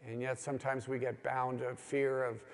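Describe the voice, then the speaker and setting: A man's voice: medium pitch, level tone, moderate pace, a little hiss or hum. Earnest preacher man in an echoing hall. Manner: earnest storytelling with rising, pleading emphasis. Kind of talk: sermon to a men's gathering. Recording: long hall reverb.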